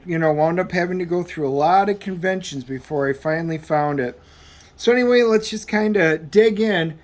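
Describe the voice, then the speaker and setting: A man giving a casual comic book review as he flips through the pages, rambling and halting with plenty of filler words. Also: fairly high pitch. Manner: rambling, halting, full of um and you know.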